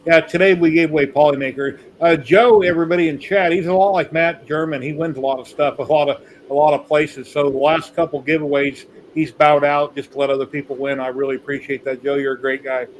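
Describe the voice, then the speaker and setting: A man's voice: fairly high pitch, steady tone, brisk, hardly any pauses, a little hiss or hum, poor audio. A man hosting a casual maker livestream, telling rambling stories. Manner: rambling storyteller. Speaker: podcast host.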